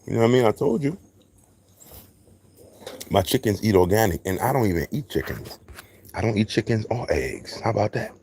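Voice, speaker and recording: A man casually rambling on a livestream while feeding chickens outdoors, animated and preachy with street slang. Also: on the low side, brisk, long pauses, a little hiss or hum. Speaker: livestream host on a farm.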